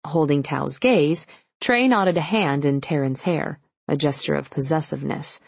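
Low, husky-voiced woman to narrate a romance audiobook, steady read, dry close sound. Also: no room sound. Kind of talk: scripted narration.

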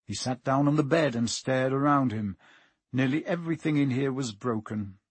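A man narrating a storybook aloud in a steady reading voice. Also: mid-range voice, breathy edge, no room sound. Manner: steady storytelling, voicing each character. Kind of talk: audiobook narration.

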